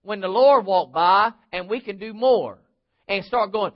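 High-voiced preacher, shouting then hushed. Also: male voice, a little slow. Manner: preaching with bursts of shouting and dropping to near whispers; acts out crowd voices in his telling. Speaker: pastor. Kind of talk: sermon. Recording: dull lo-fi recording.

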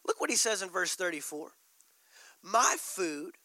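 A man pastor preaching a sermon with emphatic delivery, slowing words down for stress. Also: sits high, sing-song, bright, forceful tone, no room sound, rough recording.

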